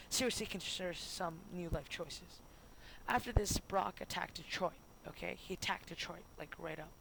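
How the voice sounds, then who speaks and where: A student rambles through a homemade history lesson with a gravelly, creaky voice, tripping over words and correcting themselves. The recording is noisy, with a steady hiss and clicks behind the voice. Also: mid-range voice. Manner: rambling and goofy, full of fillers and self-corrections. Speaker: student making a history video. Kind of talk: jokey homemade history narration.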